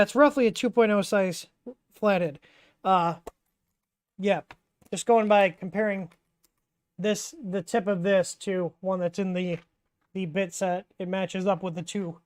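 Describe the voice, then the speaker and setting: A woman hosting a casual live Q&A stream, talking in a relaxed, rambling way with many fillers and restarts. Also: mid-range voice, a little slow, long pauses. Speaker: livestream host answering 3D printer questions.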